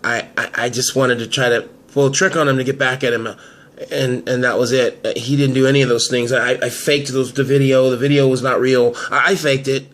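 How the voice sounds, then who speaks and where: A man's voice: mid-range voice, little pitch movement, brisk, fairly bright tone, close to an everyday voice. A man voicing a panicky young man in an amateur soap drama who stammers and pleads. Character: panicky young man, a cornered liar, begging.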